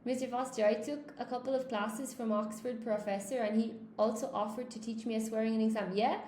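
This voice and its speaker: A woman in her thirties chats as an English teacher on a casual livestream, reading out comments and checking in with "you know?". Her voice sits fairly high for a woman. The room is echoey, with a faint hum behind her. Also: a little fast. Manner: chatty, animated, often asks "you know?". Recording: roomy echo, faint background hum.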